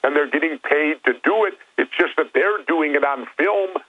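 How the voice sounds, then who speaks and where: A man's voice: a little high, normal speed, breathy edge. An older man, a guest calling in, telling stories and arguing bluntly in a phone interview. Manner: blunt, storytelling. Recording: tinny phone line.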